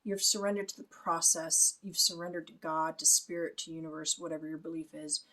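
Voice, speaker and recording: A woman's voice: low-pitched, fairly even intonation, fairly quick. A woman, a spiritual reader, talking through a music video and explaining it, often checking in with "okay?" and laughing lightly. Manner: explains softly, adds "okay?" and small laughs. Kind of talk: reaction commentary.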